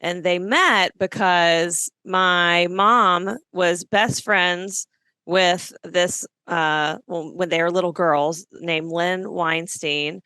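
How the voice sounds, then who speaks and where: Bright, animated woman in her forties. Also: on the low side, drawn-out words, smooth, dry recording. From Alabama. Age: 40s. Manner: animated storyteller. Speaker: podcast co-host, guest. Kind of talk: casual chat.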